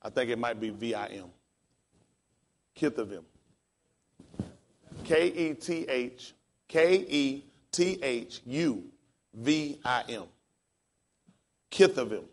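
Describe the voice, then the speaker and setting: A pastor teaching a class in a casual, encouraging way, spelling words out letter by letter. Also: male voice, medium pitch, animated, takes it slowly, long pauses, slight background noise.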